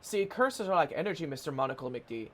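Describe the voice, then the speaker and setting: A man's voice: a little high, very animated, brisk. A man voicing a modest handyman with a put-on Irish accent, rambling folksily. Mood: folksy.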